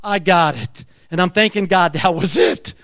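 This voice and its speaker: A man's voice: sits high, moderate pace, fairly bright tone. A man preaching a sermon, telling stories with animation and leading the congregation in call-and-response.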